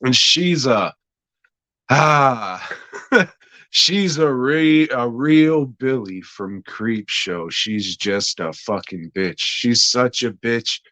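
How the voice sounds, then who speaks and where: A man's voice: mid-range voice, lively intonation, extremely slow, sharp tone, dry recording, low-quality recording. A young man casually reviewing a TV episode, laid-back, meandering and swearing a lot. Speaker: podcast host reviewing a TV episode. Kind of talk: casual, profane review chat.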